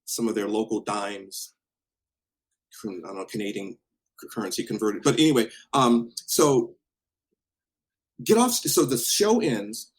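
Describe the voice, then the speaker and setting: A man from Washington State, a podcast guest, telling an animated story in a casual way with laughs and swearing. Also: on the low side, normal speed, slightly rough, poor audio. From Washington State, USA.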